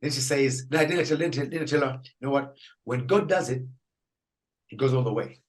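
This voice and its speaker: A priest telling a story in an interview, acting out the people in it and laughing often. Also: male voice, medium pitch, fairly quick, poor audio. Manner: animated storyteller, acts out dialogue, laughs often. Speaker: Catholic priest guest.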